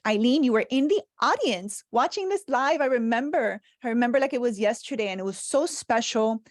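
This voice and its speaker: Woman, 30s, from Cuba, speaker telling her own story, animated and expressive, dry close sound. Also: a little high, moderate pace, few pauses, no echo. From Cuban. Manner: animated storyteller, laughs often, acts out dialogue. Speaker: speaker and leadership consultant. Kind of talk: personal story told in a webinar talk.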